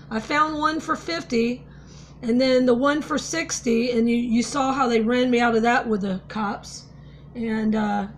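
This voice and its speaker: Woman, vlog, casual storytelling, earnest, slightly high voice, faint hiss. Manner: conversational, with fillers and restarts, earnest. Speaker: vlogger.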